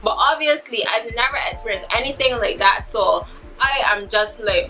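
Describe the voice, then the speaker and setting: A woman in her twenties recounts a story for her vlog in an animated, dramatic way. Her voice sits a little high and sounds bright and sharp. She acts out the other people's lines as she goes. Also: moderate pace, soft background music. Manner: animated, dramatic retelling with acted-out quotes. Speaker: vlogger.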